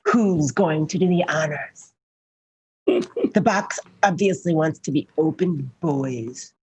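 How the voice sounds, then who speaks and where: A woman's voice: low voice, takes it slowly, a little mellow, breathy edge. A woman playing a tabletop game, playful and teasing with the others. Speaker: player.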